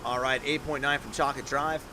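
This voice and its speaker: A man hosting a live stream, calling viewers' monster truck runs and reading out scores in a chatty, upbeat way with excited outbursts. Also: mid-range voice, fairly quick, noisy background. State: out of breath. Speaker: live stream host and announcer. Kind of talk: live-stream play-by-play commentary.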